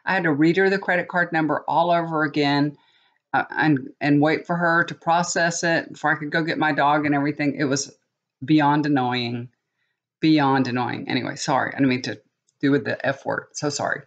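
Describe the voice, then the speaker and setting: A woman's voice: deep voice, fairly even intonation, a little fast, a bit bright, muffled recording. Chatty woman telling a story. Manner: chatty, storytelling, repeats phrases for emphasis. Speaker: tarot reader and vlogger. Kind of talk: casual chat to camera.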